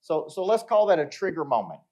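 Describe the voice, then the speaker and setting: A middle-aged motivational speaker addresses a live audience in a fairly high, sing-song voice with a dark tone, talking a little fast. He tells stories with acted-out dialogue and checks in with the crowd.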